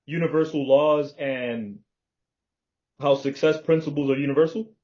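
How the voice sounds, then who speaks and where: A man talks plans through with a partner, emphatic and sure of himself, cursing freely. His voice sits a bit high. The sound is dull and lo-fi, as over a video call. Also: fairly even intonation, moderate pace, a little mellow. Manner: emphatic, confident, swears freely. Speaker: business partner. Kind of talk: casual planning chat.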